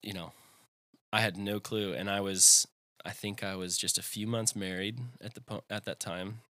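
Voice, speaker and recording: A man's voice: lowish voice, fairly even intonation, moderate pace, pushed and bright, no echo. A young man in his twenties telling a personal faith story in conversation, rambling with lots of fillers. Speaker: guest.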